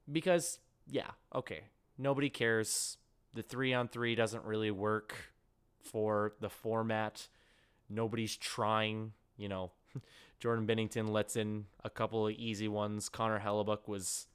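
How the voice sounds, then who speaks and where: A man with a northern US accent hosts a solo sports rant. His voice is smooth and resonant, and his pitch sits in the middle of a man's range. He talks in a chatty, rambling way and keeps tossing in quick asides. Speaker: podcast host.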